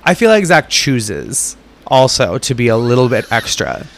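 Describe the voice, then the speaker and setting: A man's voice: mid-range voice, a little slow, gravelly. A man co-hosting a podcast in casual chat, joking sarcastically and reacting with big exclamations. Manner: animated, sarcastic, jokey. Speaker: podcast co-host.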